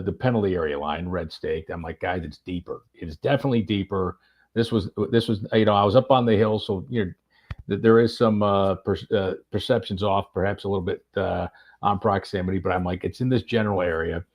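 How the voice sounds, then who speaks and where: A man casually telling a golf anecdote on a podcast, animated, with plenty of fillers and restarts. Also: on the low side, dull audio. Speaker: golf radio reporter and podcast guest. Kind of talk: casual storytelling chat.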